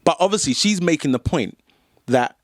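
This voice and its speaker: A man's voice: fairly high pitch, lively intonation, normal speed, no room sound, studio quality. A man, co-hosting a podcast and retelling a story with emphatic commentary in casual chat. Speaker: podcast co-host.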